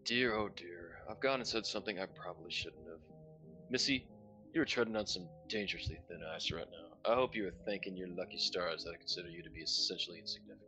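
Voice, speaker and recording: A man's voice: low-pitched, fast talker, pushed and bright, soft background music, pitched below the performer's own voice. A man voicing a sinister, theatrical clown showman who calls himself a Duke of Hell, mocking and threatening. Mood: menacing.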